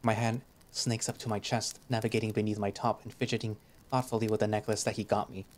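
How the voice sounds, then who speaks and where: A man's voice: lowish voice, little pitch movement, fast talker, darkish tone, slight background noise. A man giving first-person, reflective narration of a visual novel.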